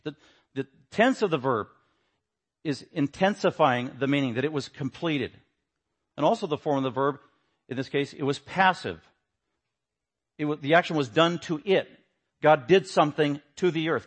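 Emphatic male Bible teacher. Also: slightly rough. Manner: emphatic, swings between low asides and raised stresses.

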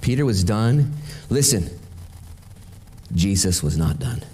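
A male pastor preaching a sermon in an energetic, conversational way, speaking directly to the congregation. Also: on the low side, takes it slowly, slight background noise.

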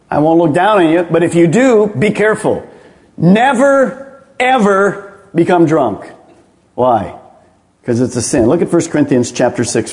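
Lively man preaching a sermon. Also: fairly high pitch. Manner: emphatic preaching with rhetorical questions. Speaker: pastor.

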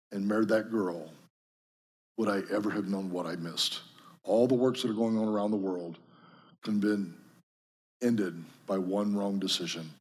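A man's voice: on the low side, a little mellow, slightly rough. A man preaching earnestly to a group, telling personal stories. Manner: storytelling, earnest. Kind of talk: sermon to a group.

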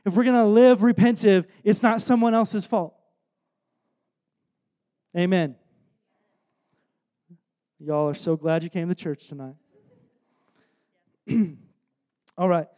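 A man in his thirties preaches a sermon in a strikingly high voice for a man, though dark in tone. He speaks earnestly and conversationally with self-deprecating asides, keeping a steady tone, going slowly, and pausing often.

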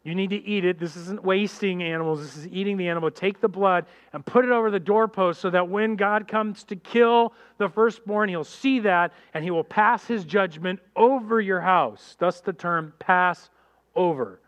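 The man preaching has a high voice and an animated style, talking directly to the people in the pews. He jumps into quick voices to act out characters.

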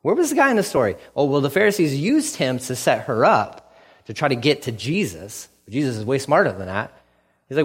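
A man preaching a sermon in an animated way, acting out the characters with sarcasm. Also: on the high side, fairly quick, breathy edge, in a large hall.

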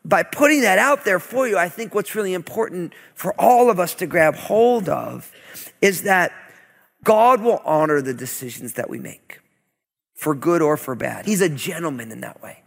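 Pastor preaching in a reverberant hall. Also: male voice, sits high, moderate pace, creaky. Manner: conversational, animated storytelling with asides. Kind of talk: sermon. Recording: long reverb of a large hall.

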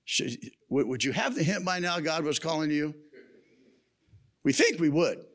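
A man's voice: a little high, sing-song, normal speed, a bit bright. A man preaching a sermon at a men's camp, telling stories in a folksy way with humorous asides. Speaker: camp speaker.

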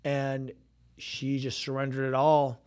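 A man chatting on a Christian radio show about his ministry. He talks loosely and animatedly, stumbles over restarts and acts out what people said. His voice sits at a middle pitch. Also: monotone, takes it slowly, darkish tone, clear, resonant tone. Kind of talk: casual storytelling chat.

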